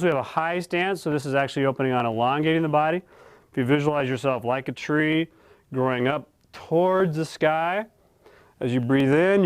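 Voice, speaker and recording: A man teaching a qigong exercise set, giving calm, slow cues for breathing and movement. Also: fairly high pitch, clear, resonant tone. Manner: calm, slow guiding cues with long pauses. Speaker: qigong instructor. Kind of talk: guided exercise instruction.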